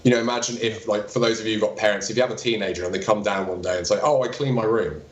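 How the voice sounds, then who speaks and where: A man with a lowish voice answers an interviewer's question about his practice. He lays out his technique step by step and acts out short exchanges with patients. The room around him is echoey. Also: fairly even intonation, racing, muffled recording. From England. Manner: practical, explains with quoted examples. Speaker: chiropractor.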